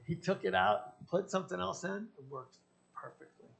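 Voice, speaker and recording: A man's voice: sits high, brisk, gravelly, a bit bright. A man, a pastor, preaching a sermon and telling personal stories, acting out the dialogue in them. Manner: storytelling, acting out his own quoted dialogue.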